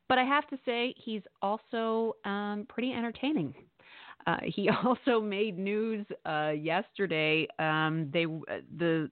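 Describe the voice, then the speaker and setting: A woman co-hosts a sports radio podcast, chatting in an amused way with lots of fillers during casual commentary. Her voice is low-pitched, and the line sounds tinny and phone-like, dry with no echo.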